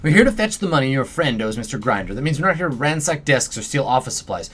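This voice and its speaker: A man's voice: medium pitch, big pitch swings, fast talker, fairly bright tone, husky. A man voicing an impatient, exasperated male fixer with a sarcastic manner. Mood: irritated. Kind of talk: reading game dialogue aloud.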